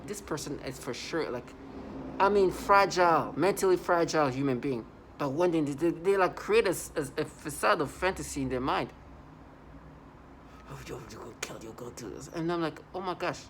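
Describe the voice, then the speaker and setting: A woman's voice: deep voice, a little hiss or hum. A woman talking casually to camera in a rambling, agitated monologue, full of restarts and repeated words. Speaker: vlogger.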